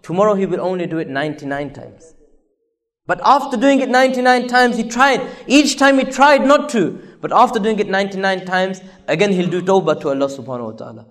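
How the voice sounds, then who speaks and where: A man preaching a sermon, earnest and repetitive, rising for emphasis and dropping to soft, low asides.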